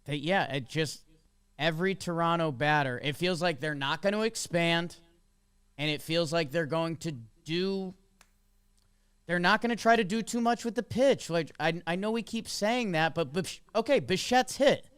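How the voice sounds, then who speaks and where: A man's voice: fairly high pitch, normal speed, a bit bright, clean tone, dry recording. A man co-hosting a podcast, talking sports casually and chattily with jokes and fillers. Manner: chatty, jokey, with many fillers. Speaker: podcast co-host.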